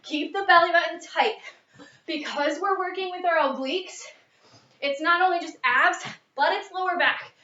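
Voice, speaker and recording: A woman's voice: very high-pitched, moderate pace, bright, forceful tone. A young woman leading a workout as a fitness instructor, a little out of breath, counting reps and coaching. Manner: upbeat coaching, counting reps, mid-exercise. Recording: echoey, distant, dull lo-fi.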